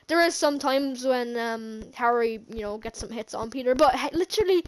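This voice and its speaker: Woman, high-pitched voice, casual movie recap, rambling, giggly, lots of restarts. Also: lively intonation, moderate pace. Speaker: movie reviewer.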